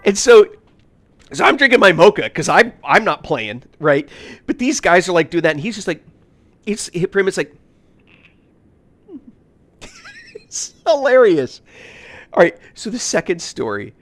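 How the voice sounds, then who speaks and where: A man from the United States, streaming a game and telling casual stories, animated, laughing often and full of fillers. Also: high-pitched, measured pace, pauses often. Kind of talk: casual storytelling while gaming.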